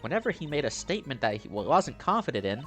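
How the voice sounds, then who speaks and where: A man's voice: mid-range voice, sing-song, quick pace, a bit bright, soft background music. A man voicing a cheerful teenage girl stage magician, earnest and upbeat, reading game dialogue.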